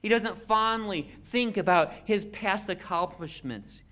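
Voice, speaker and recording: Animated preacher with jokey asides. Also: mid-range voice, unhurried. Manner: animated, jokey asides, restarts and repeated words. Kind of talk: expository sermon.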